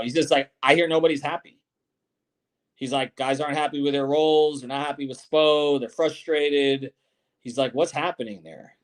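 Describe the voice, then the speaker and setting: A middle-aged man hosting a sports podcast postgame show, talking bluntly and swearing while telling stories. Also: mid-range voice. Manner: blunt, profane, fast storytelling.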